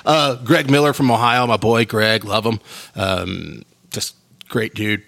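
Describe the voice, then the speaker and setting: A man's voice: fairly low pitch, steady tone, unhurried, vocal fry, fairly bright tone, dry recording. A man hosting a podcast, rambling and laughing easily in casual chat. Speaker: podcast host.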